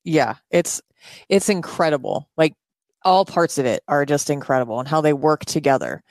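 A podcast co-host with a low, slightly mellow voice chats casually from indoors at her house, speaking at a moderate pace with no room sound. She's earnest and rambling, frequently losing her words and starting over.

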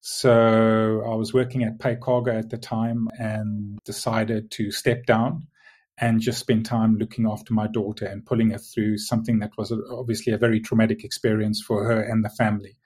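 A middle-aged man with a South African accent, speaking as a guest on a remote interview and explaining things in a measured way. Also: fairly low pitch, flat delivery, darkish tone. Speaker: guest, logistics executive.

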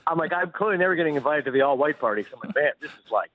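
Fast-talking man on a tinny phone line. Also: fairly high pitch. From Canada. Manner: animated storyteller, quick, laughs often. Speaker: guest sports broadcaster. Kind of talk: casual sports radio chat.

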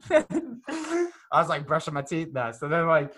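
A young man in casual chat, telling a story in an animated way, acting out the people he quotes and swearing freely. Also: on the high side, takes it slowly, husky.

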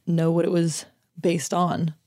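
A woman co-hosting a film podcast in casual chat, playful and quick to joke. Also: on the low side, flat delivery, mellow. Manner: playful, mimics voices for laughs. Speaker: podcast co-host.

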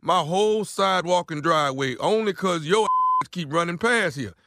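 A man's voice: high-pitched, lively intonation, normal speed, bright, forceful tone, dry recording, studio quality, heavily acted. A man putting on a nagging older neighbor. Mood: stubborn. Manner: pleading then blustering, repeats himself, stammers. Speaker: prank caller. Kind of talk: prank phone call.

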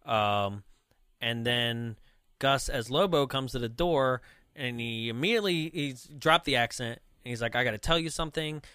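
Man, bright clear voice, casual film review, rambling, dry close mic. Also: mid-range voice, unhurried, no room sound. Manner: rambling, lots of "like" and "right?".

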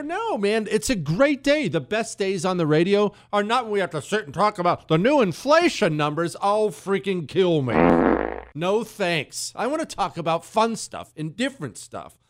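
A man's voice: sits high, moderate pace. A middle-aged man hosting a radio talk show, delivering an opinionated, sarcastic monologue. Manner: animated, sarcastic, mocks others in put-on voices.

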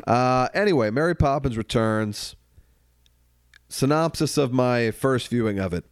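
Laughing, jokey man with a smooth voice. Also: mid-range voice, expressive, unhurried, no room sound, clean studio sound. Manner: loose, jokey, breaks into mock singing and laughter. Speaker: podcast co-host. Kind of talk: casual comedic movie chat.

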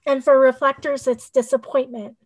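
A high-pitched woman chatting as a guest coach on a podcast, her voice sitting well above the usual range for a woman. She rambles loosely through her points, leaning on "like" and "you know" to keep the thoughts flowing. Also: fairly even intonation, normal speed. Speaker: human design coach. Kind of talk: casual podcast conversation.

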